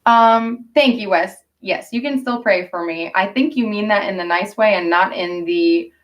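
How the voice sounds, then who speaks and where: A woman's voice: mid-range voice, moderate pace, far from the mic. A woman vlogger, chatting casually on a livestream in a blunt, profane, rambling way.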